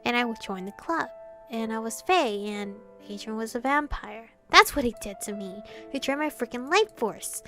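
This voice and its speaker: A woman streamer reading a visual novel aloud, animated and reactive, breaking off to comment on the story. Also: on the high side, moderate pace, faint music behind. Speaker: gaming streamer.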